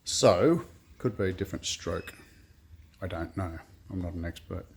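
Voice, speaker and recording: A relaxed Australian man with a somewhat low voice chats casually in his workshop shed. He rambles a little and plays down his own know-how. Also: moderate pace, vocal fry, slight background noise. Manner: laid-back, rambling, self-deprecating. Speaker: custom car builder.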